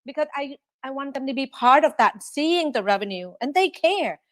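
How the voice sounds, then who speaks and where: Animated woman with a dry close sound. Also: high-pitched, normal speed, no room sound. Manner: animated, quotes herself and staff in lively asides. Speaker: restaurant owner guest. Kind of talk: podcast interview.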